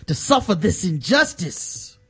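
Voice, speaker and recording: A man doing a booming, menacing preacher-athlete. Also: sing-song, measured pace, husky, soft background music, exaggerated voice. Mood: menacing preachy. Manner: loud, booming, sermon-like threats and prayer. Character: fiery preacher-like male football star, menacing.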